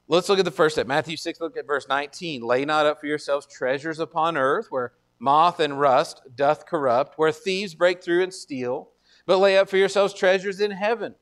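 A man preaching a sermon as pastor, conversational with joking asides, slowing down to stress scripture. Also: a little high, fairly bright tone.

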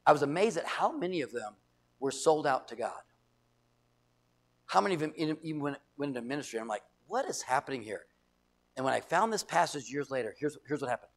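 A man's voice: on the high side, expressive, fast talker. A middle-aged man from the United States preaching a sermon as pastor, emphatic, repeating phrases and acting out quoted voices.

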